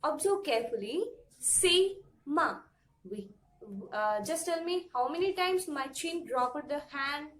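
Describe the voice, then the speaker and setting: A woman gives a pronunciation lesson in a high voice, patiently repeating each example word. She sits a little away from the mic in an echoey room. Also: lively intonation, recorded from a distance. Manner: explains step by step, repeats words slowly, asks "right?". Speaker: English pronunciation teacher. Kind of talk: classroom-style lesson to camera.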